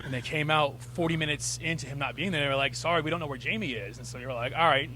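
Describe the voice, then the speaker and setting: A man with a high, bright voice fires off questions and stories at a rapid clip. He acts out what people said with sudden jumps in loudness. A faint hum sits under the recording. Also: poor audio. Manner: excitable storyteller, acts out quotes with big swings in loudness. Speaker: interviewer and show host. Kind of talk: casual interview chat. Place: music venue on tour.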